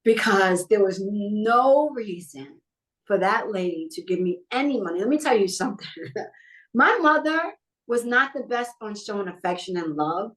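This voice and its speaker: A woman's voice: medium pitch, moderate pace. A middle-aged woman from New York telling personal stories in a casual interview and acting out the people in them. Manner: animated, acts out the people in her stories. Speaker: guest, talent manager.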